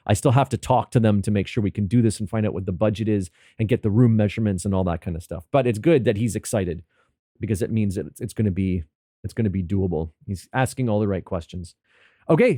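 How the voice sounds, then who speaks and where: A man's voice: fairly low pitch, warm tone, no echo, studio quality. A middle-aged man giving a casual, rambling update monologue with many restarts.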